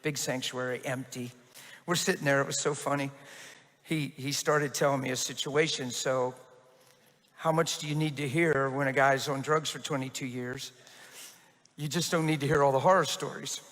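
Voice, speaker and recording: A man pastor telling a testimony in a sermon, with animated storytelling and quick restarts, in a church. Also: medium pitch. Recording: reverberant church hall.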